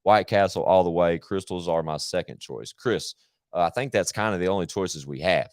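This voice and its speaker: A man's voice: sits low, moderate pace, dry recording, clean studio sound. A man chatting casually on his live stream, rambling, slangy and full of swearing.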